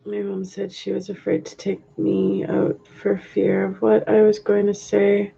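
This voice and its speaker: A woman's voice: mid-range voice, monotone, unhurried, gravelly, warm tone, slightly rough. A woman chatting casually on a live stream while decorating at home, thanking viewers and laughing often, over a webcam mic. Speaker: vlogger reading live chat. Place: home, indoors. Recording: dull lo-fi webcam audio.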